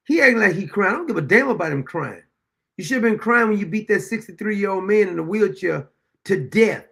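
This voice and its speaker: A man's voice: sits high, lively intonation, a little fast, vocal fry, a bit bright. A man hosting a show, reacting to a courtroom video in a blunt, profane, indignant way, rambling with restarts. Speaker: show host.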